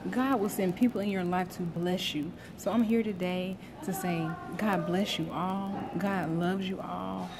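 A woman's voice: on the low side, steady tone, a little slow, gravelly, few pauses, background noise. A woman, talking to viewers on a livestream at her graduation and preaching about her faith. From Florida, USA. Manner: heartfelt, preachy, greets viewers by name. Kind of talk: emotional live broadcast talk. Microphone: phone livestream. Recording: music playing behind.

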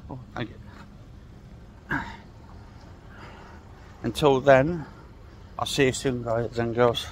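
A man's voice: mid-range voice, fairly even intonation, drawn-out words, a little hiss or hum. A man rambling and ranting sarcastically while he walks outdoors, swearing and sighing as he talks. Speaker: vlogger. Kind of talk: casual ranting walking vlog. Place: outdoors on a walk.

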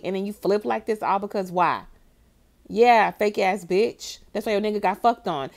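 A woman from Florida giving a blunt, profane, heated reaction rant in casual talk. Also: medium pitch. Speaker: commentary vlogger.

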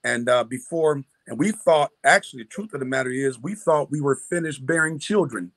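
A man's voice: mid-range voice, fairly quick, fairly bright tone, no room sound. Earnest man with a dry, close sound. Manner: earnest storytelling with many restarts. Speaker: family friend and minister. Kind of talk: heartfelt birthday tribute.

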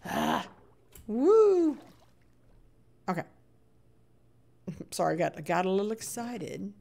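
A woman's voice: fairly low pitch, lively intonation, a little slow, vocal fry. A middle-aged woman streaming a block-building game, chatting casually, reading chat aloud and sounding playfully exasperated.

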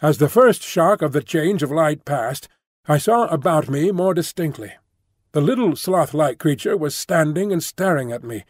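A man reading a classic novel aloud as an audiobook narrator, in a measured, descriptive way. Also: fairly high pitch, dry recording, clean studio sound. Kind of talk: scripted narration.

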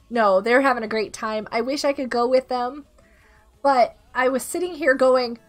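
A woman in her thirties, sick with a rough throat, chatting casually and giggling as she greets viewers during a game stream. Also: high-pitched, normal speed. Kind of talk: casual live-stream chat while gaming. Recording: faint music behind the voice.

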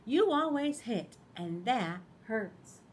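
A woman voicing a little boy pig in a picture book read-aloud, scolding slowly and emphatically. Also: a little high, sing-song, a little hiss or hum. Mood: hurt, firm.

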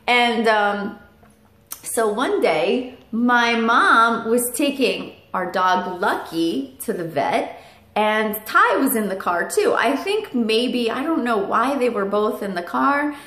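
A woman's voice: a little high, lively intonation, slow pace, a bit bright. Chatty woman in an echoey room. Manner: chatty, with many fillers and asides to her parrot. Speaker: parrot vlogger. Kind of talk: casual storytelling to camera. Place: indoor room at home with her parrot.

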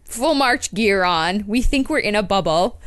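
Telling a story during a relaxed podcast conversation, this female co-host is animated and voices the people she quotes. She speaks a little slowly in a smooth, medium-pitched voice, recorded with clean studio sound and no room sound.

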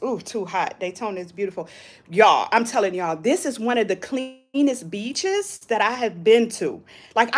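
A woman chatting casually on a live stream from a hotel balcony, greeting viewers and reading their comments. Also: mid-range voice. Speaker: vlogger hosting a live stream.

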